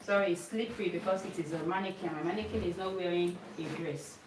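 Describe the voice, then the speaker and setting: Heard from a distance in an echoey, noisy room, a woman with a fairly low, steady voice teaches sewing at a quick pace by demonstrating on a mannequin. It's a hands-on lesson; she patiently repeats every step and keeps asking "did you see it?"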